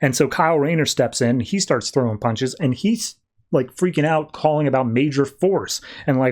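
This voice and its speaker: A man's voice: medium pitch, moderate pace, a little mellow. A man hosting a podcast, loosely recapping comic book plots in casual chat, full of filler words. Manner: loose and rambling, heavy on "like" and "uh" fillers. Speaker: podcast host.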